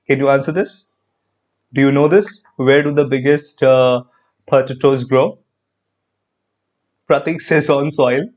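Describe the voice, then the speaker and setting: A man with an Indian English accent teaching an online grammar class, lively and repetitive, quizzing his students as he goes. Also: mid-range voice, a little slow, long pauses, highs cut off. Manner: lively, repeats phrases, quizzes students, frequent "perfect".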